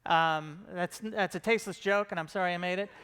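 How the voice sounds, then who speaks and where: A man's voice: sits high, a little fast, a bit bright, a little hiss or hum. A middle-aged man giving a casual, joking conference talk about his comedy show, self-deprecating and full of fillers and restarts.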